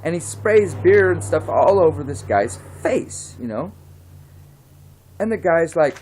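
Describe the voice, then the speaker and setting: A man's voice: fairly high pitch, expressive, a little slow, a little hiss or hum. Rambling man telling a pub joke. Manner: rambling, many fillers and restarts, often soft-spoken. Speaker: joke teller.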